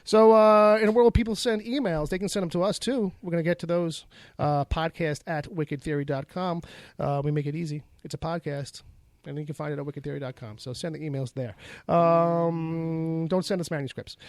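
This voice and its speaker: High-voiced, laughing podcast host man. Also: fairly even intonation, moderate pace, no room sound, studio quality. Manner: rambling, laughs often, repeats himself. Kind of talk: casual podcast chat.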